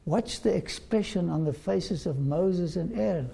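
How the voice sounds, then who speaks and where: A preacher retells a Bible story in a sermon, slowly putting questions straight to the listeners. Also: mid-range voice, vocal fry, dark tone, breathy edge. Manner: slow, questioning listeners directly.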